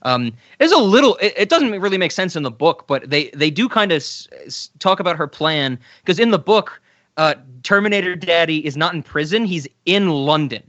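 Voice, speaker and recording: A man's voice: on the high side, animated, normal speed, a bit bright, no room sound, highs cut off. A man co-hosting a film podcast, chatting casually, often laughing and quoting scenes in mock voices. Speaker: podcast co-host.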